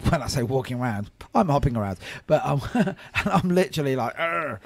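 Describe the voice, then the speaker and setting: A man's voice: medium pitch, a little mellow. Man, podcast host, brash, joking, casual interview chat. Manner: brash, joking, swears freely.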